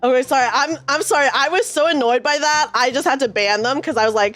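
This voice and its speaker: A woman's voice: high-pitched, quick pace, fairly bright tone, soft background music. A woman in her thirties chatting with her stream viewers from her room, telling a rambling story full of fillers and swearing now and then. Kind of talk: casual chat with live viewers.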